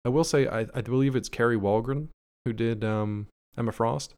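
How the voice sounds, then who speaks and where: A man's voice: medium pitch, moderate pace, a little mellow, clean tone. A man co-hosting a podcast, reviewing a show in easygoing casual chat and agreeing along. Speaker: podcast co-host.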